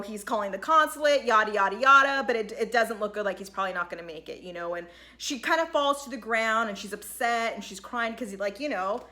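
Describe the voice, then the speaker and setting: A recap vlogger gives a chatty, casual rundown of a reality show, peppering her speech with "like" and "you know" and acting out quotes. Her voice is fairly high and bright, with a forceful tone.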